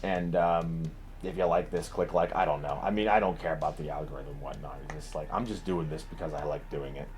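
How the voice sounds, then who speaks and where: A man's voice: extremely low pitch, fairly even intonation, a little fast, few pauses, a little mellow, faint music behind. A man talking to viewers in an unscripted casual vlog, rambling, self-deprecating, often laughing and swearing. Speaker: video creator.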